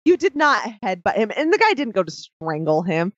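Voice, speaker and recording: A woman's voice: mid-range voice, big pitch swings, brisk, a bit bright, no echo. A woman co-hosting a podcast in casual chat, blunt and mocking, cutting in often. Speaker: podcast co-host. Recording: dry, slightly dull lo-fi audio.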